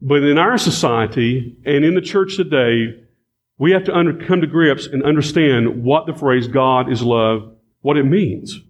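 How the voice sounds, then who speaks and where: A man's voice: medium pitch, unhurried. A man preaching a sermon, reading scripture and repeating key phrases with emphasis as he addresses the congregation.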